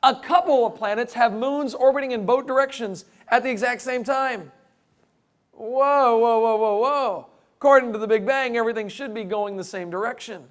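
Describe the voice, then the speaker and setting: A man with a strikingly high voice gives a joking lecture to a live audience. He keeps it light and animated, with playful asides. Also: a little fast, few pauses. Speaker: creationist speaker.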